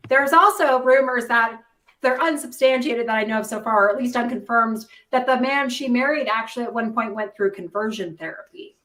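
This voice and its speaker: A woman hosting a live news stream offers casual commentary in a sarcastic tone, filling her speech with fillers. Her voice is a little high and fairly bright at a normal speed, recorded from a distance in an echoey room, off mic.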